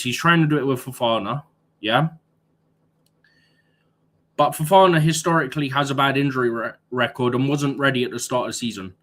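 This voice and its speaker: A man's voice: medium pitch, fairly bright tone. A man co-hosting a football live stream, arguing his points and tagging "yeah?" onto them in casual chat.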